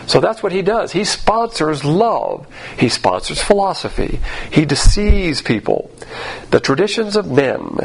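A man's voice: a little high, creaky, husky. A man teaching the Bible in a sermon, emphatic and sarcastic as he mocks the views he quotes.

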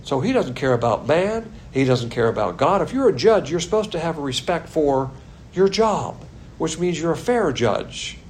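A man's voice: fairly high pitch, very animated, normal speed, a little hiss or hum. A man teaching a Bible class in a blunt, sarcastic manner, with chuckling asides. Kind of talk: sermon.

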